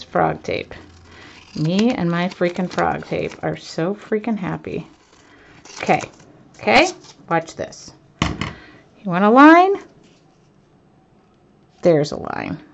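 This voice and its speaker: A woman artist chatting to her live viewers as she works, excitable and self-mocking, laughing often. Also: on the low side, gravelly, a little hiss or hum. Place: home art studio, indoors. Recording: dull lo-fi stream audio.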